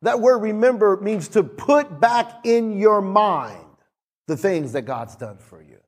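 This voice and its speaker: Male pastor, high and raspy, animated storytelling sermon with soft low asides. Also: takes it slowly. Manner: animated preaching, acts out dialogue with sudden drops to soft low tones.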